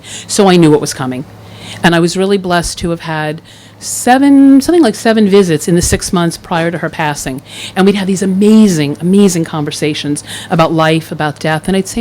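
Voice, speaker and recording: A middle-aged woman from the Philadelphia area tells a personal story live on an event stage. Her voice sits fairly low, and she is wry and warm, with laughing asides. There is a faint hum of room ambience behind her. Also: rough recording. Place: event stage in front of an audience.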